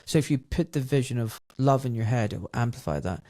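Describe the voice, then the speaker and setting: Gravelly, mellow-voiced man. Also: medium pitch, expressive, fast, no echo, clean studio sound. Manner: emotional, reflective storytelling. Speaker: podcast host. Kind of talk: conversational interview.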